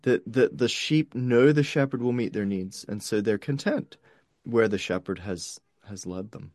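A man's voice: on the low side, moderate pace, darkish tone, no room sound, studio quality. A man preaching a sermon in a conversational way, often checking in with the listeners and repeating words as he goes. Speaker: pastor.

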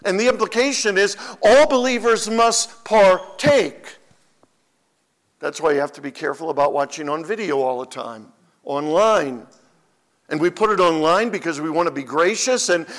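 Male pastor, higher-pitched voice, emphatic sermon delivery with repetition. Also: expressive, moderate pace, fairly bright tone. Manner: emphatic preaching with repeated phrases.

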